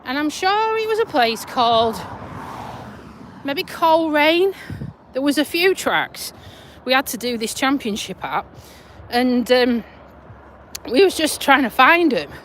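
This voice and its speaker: Uk woman in her 40s, rambly live chat on a walk, high voice that bounces all over. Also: sing-song, measured pace, pauses often, a bit bright, slight background noise. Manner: chatty, rambling, laughs easily. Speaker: vlogger. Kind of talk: casual live-stream chat. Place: outdoors, walking a dog. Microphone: phone.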